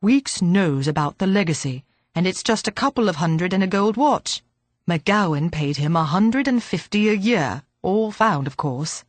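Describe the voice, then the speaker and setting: A woman voicing a wry, cheerful police sergeant, pushing her voice low and gruff to play a man. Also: animated, measured pace, dry recording.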